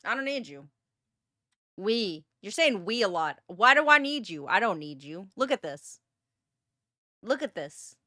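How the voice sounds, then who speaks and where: A woman's voice: mid-range voice, sing-song, measured pace, long pauses, bright, forceful tone, no echo, studio quality. A woman streamer reacting to a video in casual, profane chat, exasperated and often laughing.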